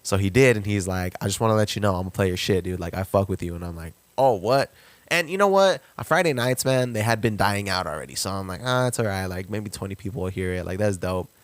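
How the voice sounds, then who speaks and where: A young man telling a story on a podcast, lively, leaping up in pitch when he acts out quotes. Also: fast talker, dry recording. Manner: animated, jumps pitch to act out quotes. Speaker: podcast guest, rapper. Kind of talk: casual storytelling.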